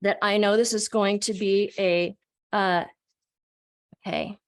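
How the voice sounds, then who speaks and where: An older woman, a speaker and college teacher, gives an animated motivational talk over a video call. She talks expressively, restarting her sentences often. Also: mid-range voice, takes it slowly.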